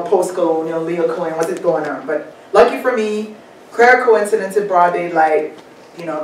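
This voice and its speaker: Low-voiced Jamaican woman in an echoey hall. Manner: reflective, asks for slide changes. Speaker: panel speaker. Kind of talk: academic talk presenting slides. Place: lecture room at a symposium. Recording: echoey room, far from mic, faint noise.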